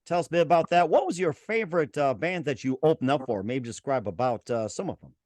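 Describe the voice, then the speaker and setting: A man's voice: on the high side, lively intonation, quick pace, darkish tone, no room sound. A man hosting an interview show, upbeat, repeating his phrases and reading sponsor plugs. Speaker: show host.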